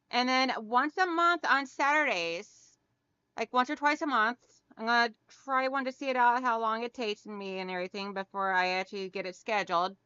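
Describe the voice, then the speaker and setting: A woman's voice: on the high side, pushed and bright, smooth, dry recording, dull audio. A middle-aged woman hosting a hand-quilting livestream, chatting casually and greeting viewers by name, calling them hon and girl. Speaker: craft channel host.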